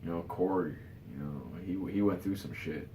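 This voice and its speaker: A man's voice: low voice, moderate pace, dark tone, roomy sound, a little hiss or hum. A tired man giving his casual opinions in a rambling vlog, full of fillers and restarts. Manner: rambling, many "you know" fillers and restarts. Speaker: vlogger.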